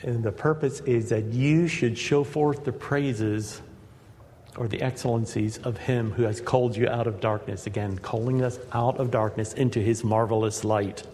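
Guy preaching a sermon, earnest, gets emphatic, mid pitch, long church echo. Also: steady tone, normal speed, warm tone, slight background noise. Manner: earnest, building to emphatic peaks.

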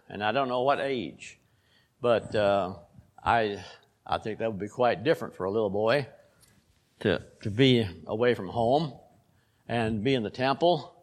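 Older man, preacher, sermon with scripture reading, earnest, repeats key phrases. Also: medium pitch.

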